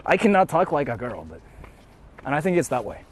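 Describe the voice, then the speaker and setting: Lively, animated young man chatting. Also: fairly high pitch, brisk, a little hiss or hum. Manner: animated, playful and sweary. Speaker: streamer. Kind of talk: casual live-stream chat reading donations.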